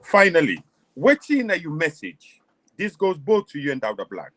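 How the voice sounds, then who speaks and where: A man's voice: a little high, wildly swooping pitch, normal speed, a bit bright, no room sound. A man with a Sierra Leonean Krio-English accent, hosting a political discussion show and pressing his guests with impassioned questions. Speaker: host.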